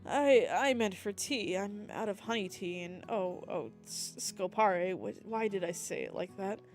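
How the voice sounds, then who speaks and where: A woman voicing a timid young woman shopkeeper who speaks in a soft, hesitant murmur and stammers. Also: mid-range voice, lively intonation, unhurried, faint music behind. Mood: flustered.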